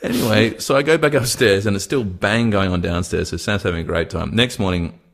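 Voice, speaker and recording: A young man with a very low voice hosts a casual comedy podcast. He tells long, rambling stories and breaks into laughs along the way. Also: fairly quick, gravelly, a bit bright. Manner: rambling anecdotes, laughs often. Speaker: podcast co-host.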